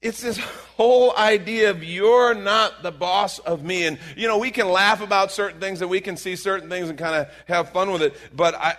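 A man preaching a live sermon as pastor, animated and joking with his congregation in a church auditorium. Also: medium pitch. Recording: long hall reverb from a church room.

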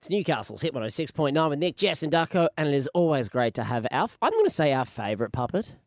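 A man hosting breakfast radio, chatty and animated. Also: on the high side, fast, a little hiss or hum. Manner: animated, chatty, laughs easily. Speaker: radio host. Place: radio studio.

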